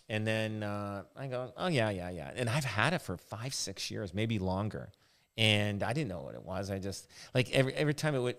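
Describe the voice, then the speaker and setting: A man, a realtor hosting a casual podcast chat, telling rambling anecdotes. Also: on the low side.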